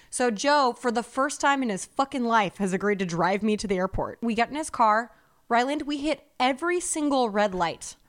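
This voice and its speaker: High-voiced, profane woman telling a story. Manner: animated, profane, acts out other people's lines. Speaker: podcast co-host. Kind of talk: casual storytelling chat.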